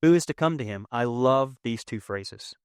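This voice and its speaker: Expressive young male pastor preaching. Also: mid-range voice, moderate pace, clean tone, dry recording, studio quality. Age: young adult. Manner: conversational and emotional, swinging from loud to hushed. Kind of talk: sermon. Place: church sanctuary with audience.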